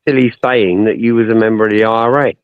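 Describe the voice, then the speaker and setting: A man's voice: on the low side, steady tone, quick pace, smooth, no echo, narrow, tinny audio. Blunt, swearing man. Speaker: panelist. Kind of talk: heated live stream debate.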